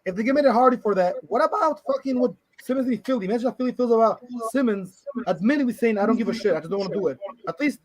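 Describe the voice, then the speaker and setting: A man with a high, husky voice jumps into a casual sports podcast with quick, blunt comments. He talks fast, piling his points one on top of the next. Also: lively intonation, a little mellow, poor audio. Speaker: podcast co-host.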